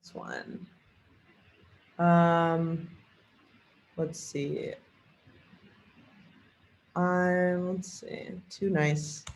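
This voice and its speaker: Guy rambling through a software demo, lots of ums, kinda high voice, roomy echo. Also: flat delivery, very slow, pauses often. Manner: rambling, hesitant, many fillers. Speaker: trainer demonstrating software. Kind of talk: thinking-aloud screen demo. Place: at a computer. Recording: echoey room with faint typing.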